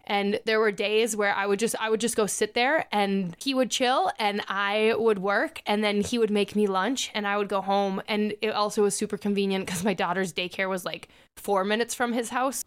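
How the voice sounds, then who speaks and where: A young adult woman hosts a podcast and confesses a personal dating story, animatedly acting out what others said in candid storytelling chat. Her mid-range voice is clear and resonant, at normal speed with few pauses.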